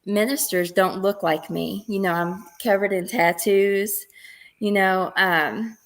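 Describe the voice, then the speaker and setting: A woman's voice: medium pitch, fairly even intonation, slow. A woman with a Kentucky accent, a guest chatting openly and laughing easily in an interview. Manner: open, laughs often. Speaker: guest, former wrestler. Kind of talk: casual interview chat.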